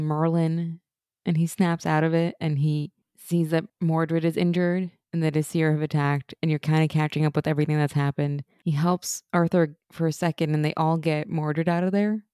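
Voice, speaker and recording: A woman co-hosting a casual podcast recap, her voice low and mellow. She talks animatedly and mocks characters with sarcastic quoted lines. The sound is close and dry. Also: dry recording. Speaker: podcast co-host. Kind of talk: casual episode recap chat.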